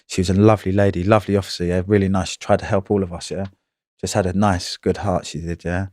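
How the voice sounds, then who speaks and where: A man in his thirties talks through hard prison memories in blunt, streetwise slang. His voice sits low, and he peppers it with swearing and "you know what I mean". The sound is close and dry, with no room echo. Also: level tone, fast talker, a little mellow. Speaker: guest telling prison stories. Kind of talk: casual interview chat.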